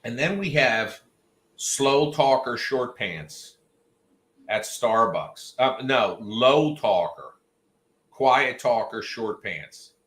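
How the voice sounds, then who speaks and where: A man talks casually to his viewers, spinning rambling stories with jokey asides. His voice is bright and he takes his time. The room around him has a noticeable echo. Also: medium pitch, lively intonation, drawn-out words. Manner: chatty storyteller, jokey asides. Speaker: livestream host. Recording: roomy echo.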